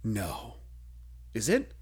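A young man co-hosting a podcast in casual banter, animated, laughing often and leaning on fillers. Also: on the low side, drawn-out words, husky. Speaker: podcast co-host.

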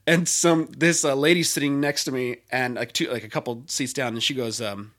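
A man's voice: mid-range voice, fairly quick. A man on a podcast telling a travel story in casual chat, acting out the people he quotes. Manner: animated, acts out quotes with big voice jumps. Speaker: podcast co-host.

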